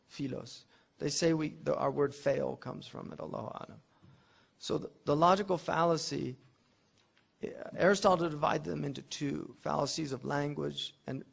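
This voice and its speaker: A man's voice: fairly high pitch, gravelly, husky. A man teaching a classroom lecture on classical logic, talking conversationally and explaining with everyday examples, often restarting his sentences. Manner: conversational and digressive, with frequent restarts and fillers.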